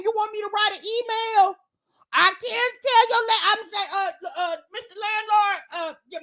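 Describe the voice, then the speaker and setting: Woman roasting her guest on a livestream, real high bright voice, loud teasing, bounces all over the place. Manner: loud teasing banter, mimics stammering. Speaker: livestream commentator. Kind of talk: comedic live stream commentary.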